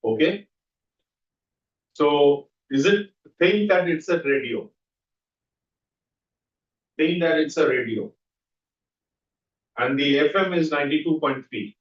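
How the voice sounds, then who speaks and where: A man leading a guided visualization exercise as a trainer, coaching with quick repeated questions. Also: fairly high pitch, animated. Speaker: NLP trainer. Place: training room. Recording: dull echoey room audio from far off.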